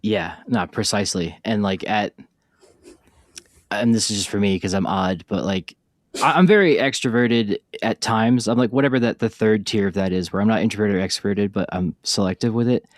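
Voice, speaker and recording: A man with a lowish voice hosts a casual podcast chat, rambling through fillers and quick self-corrections. The sound is dry and close, with no room around it. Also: dry recording. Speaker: podcast host. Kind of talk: casual conversational interview.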